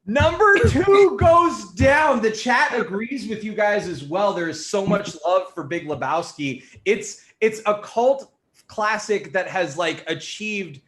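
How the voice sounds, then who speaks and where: A man's voice: sits high, unhurried, fairly bright tone. A man hosting a livestream panel, loose and profane, laughing between lines. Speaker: host.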